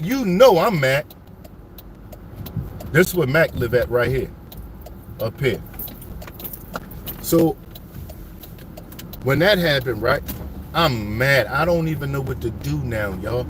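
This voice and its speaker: A man with a somewhat high voice tells old street stories as he drives through his neighborhood. He talks straight to his viewers, animated, loose and full of slang. Faint city traffic hums behind him. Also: slow, long pauses. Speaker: vlogger telling his life story. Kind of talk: casual street storytelling. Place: driving around a city neighborhood.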